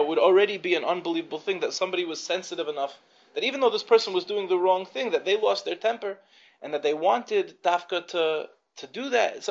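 A man teaching a class of girls, telling a story in a conversational way, with frequent fillers and restarts. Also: high voice. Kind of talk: storytelling lecture. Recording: dull lo-fi recording with faint background noise.

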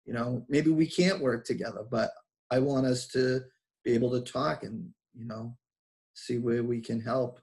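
A man with a Boston accent, a guest on an interview podcast, talking in a relaxed, reflective way with frequent fillers and restarts. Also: medium pitch, moderate pace, vocal fry. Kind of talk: casual interview chat.

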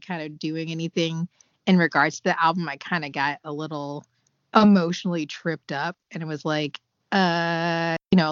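A woman's voice: fairly low pitch, no room sound, highs cut off. A woman co-hosting a podcast, talking in a thoughtful, hesitant casual way. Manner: thoughtful, hesitant, soft laughs. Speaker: podcast co-host. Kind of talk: casual chat.

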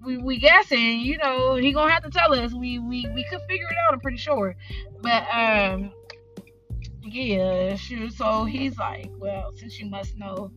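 A woman from South Central hosting a podcast, telling a work story in animated, slangy, unfiltered casual chat and acting out her coworkers' lines. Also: fairly high pitch, a little slow, muffled recording, soft background music. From South Central Los Angeles. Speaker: podcast host.

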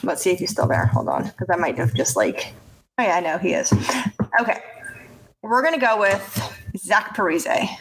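A woman co-hosting a podcast in casual chat, animated and swearing as she rants and laughs. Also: fairly low pitch, normal speed, pauses often, slight background noise. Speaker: podcast co-host.

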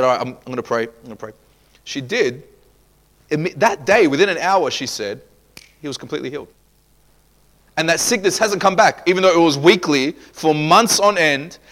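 A man's voice: a little high, a bit bright. Emphatic male pastor preaching. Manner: emphatic preaching with quoted asides. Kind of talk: sermon.

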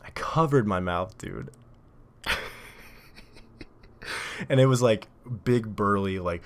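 Deep-voiced dude doing a solo podcast, rambly, laughs a lot, tons of likes and you-knows. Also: male voice, measured pace, long pauses, clear, resonant tone. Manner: rambling, laughs often, lots of fillers. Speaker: podcast host. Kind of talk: casual solo podcast monologue. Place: home recording setup at a table. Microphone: desk podcast mic.

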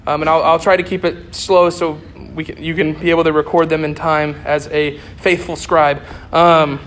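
A man's voice: on the high side, level tone, normal speed, fairly bright tone, slight background noise. A young man preaching a sermon in an earnest way, repeating key phrases for emphasis.

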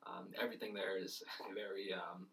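A man's voice: low-pitched, little pitch movement, normal speed, creaky, pushed and bright, far from the mic. A young man from Canada casually recounting his travels in a chatty, rambling way full of fillers and restarts. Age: young adult. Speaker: former exchange student. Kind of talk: casual conversation.

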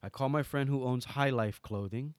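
Middle-aged man telling lively stories. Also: medium pitch, normal speed, no echo, studio quality. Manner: animated, acts out quoted dialogue. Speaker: interview guest, entertainer. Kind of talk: casual storytelling.

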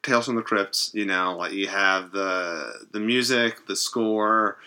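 A man co-hosting a podcast in casual chat, jokey and animated. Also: fairly low pitch, measured pace, smooth. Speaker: podcast co-host.

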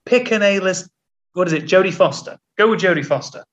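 A man's voice: high voice, expressive, fairly quick, fairly bright tone, lo-fi sound. A man hosting a quiz segment on a podcast, teasing his co-host in a dry tone. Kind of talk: casual comedic chat.

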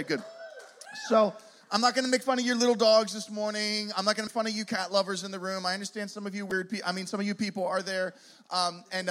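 High-voiced man telling a rambling funny story. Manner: animated, rambling, self-deprecating humor with many restarts. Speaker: youth ministry speaker. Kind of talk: storytelling sermon to a live audience.

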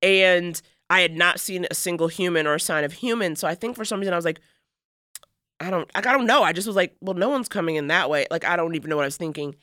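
A woman's voice: on the low side, fast talker, sharp tone, no room sound, clean studio sound. A woman co-hosting a podcast, telling a story in a rambling, self-mocking way, full of fillers. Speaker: podcast co-host. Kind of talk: casual storytelling chat.

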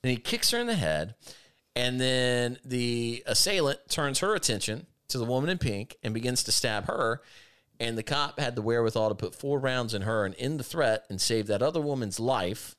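Emphatic man with a lively voice. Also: medium pitch, clean tone. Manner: emphatic, argumentative, swings between fast and drawn-out. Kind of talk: opinionated commentary chat.

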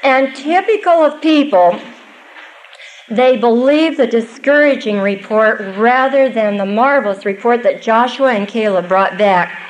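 A woman's voice: on the high side, slight background noise, poor audio. An older woman giving a Bible teaching to a live audience, earnest and conversational with small asides.

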